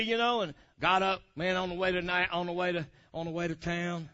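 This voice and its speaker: A man telling a testimony in a sermon, swinging from loud hollering to low, quiet asides. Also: a little fast, hardly any pauses. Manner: animated storyteller, swings from hollering to low murmurs. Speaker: preacher. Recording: dull lo-fi recording.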